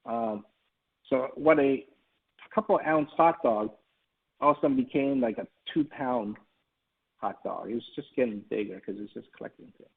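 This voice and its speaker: A man's voice: medium pitch, moderate pace, gravelly, long pauses, breathy edge. A man giving a webinar talk, telling a personal story in a folksy way with many fillers. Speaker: presenter. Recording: tinny phone-line sound.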